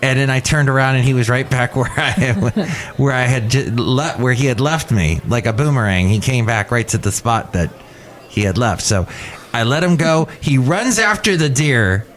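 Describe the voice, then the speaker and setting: A man's voice: medium pitch, animated, normal speed, fairly bright tone. A man hosting a podcast, telling rambling, playful stories in casual chat at a cafe. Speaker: podcast host.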